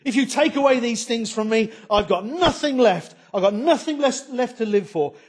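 A man's voice: very high-pitched, lively intonation, moderate pace, breathy edge, pitched above the performer's own voice, exaggerated voice. A man voicing a distraught biblical man who pleads indignantly over his stolen idols. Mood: indignant pleading.

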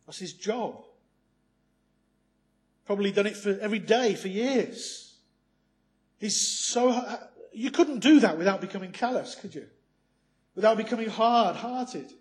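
A man preaching a sermon, earnest and full of rhetorical questions, swinging from loud emphasis to hushed asides. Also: high-pitched, animated, a little slow, long pauses.

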